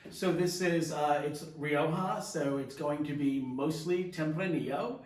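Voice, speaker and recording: A man co-hosting a wine show, explaining each wine in detail with the odd filler pause. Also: fairly high pitch, echoey room, distant mic. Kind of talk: casual wine tasting chat.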